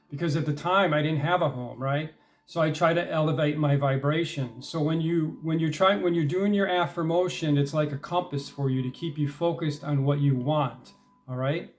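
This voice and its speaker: A man's voice: fairly high pitch, steady tone, normal speed. A middle-aged man giving a casual talk on manifesting, conversational, with frequent fillers and "all right?" check-ins, building to emphatic stress on key points. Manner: grows emphatic and louder when stressing determination. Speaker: self-help speaker.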